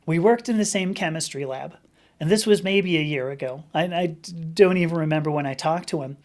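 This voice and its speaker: A middle-aged woman hosting a casual livestream, answering viewer questions in a chatty, animated storytelling manner. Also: lowish voice.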